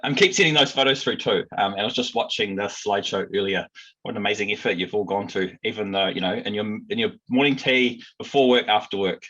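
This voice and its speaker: Earnest New man, husky and bright. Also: on the low side, fast talker, muffled recording. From New Zealand. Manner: earnest, rallying, many ums. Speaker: union president. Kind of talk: recorded speech to union members.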